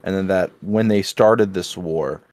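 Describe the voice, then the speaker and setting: A man with a fairly low voice co-hosts a relaxed drinking podcast. He talks earnestly and keeps restarting and correcting himself mid-sentence. The sound is dry and close. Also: measured pace, no room sound. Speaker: podcast co-host. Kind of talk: casual drinking-podcast chat.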